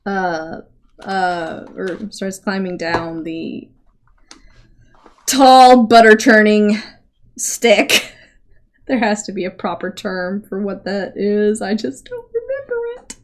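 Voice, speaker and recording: A woman's voice: mid-range voice, slow, long pauses. A woman narrating as game master in a tabletop role-playing game, rambling and giggly.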